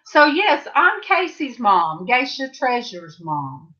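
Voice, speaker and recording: A woman's voice: on the high side, very animated, takes it slowly, pushed and bright. A middle-aged woman from California hosting a livestream from her home craft room, chatting and rambling as she answers viewers' comments. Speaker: livestream host. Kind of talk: casual chat with viewers. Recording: slightly dull lo-fi sound.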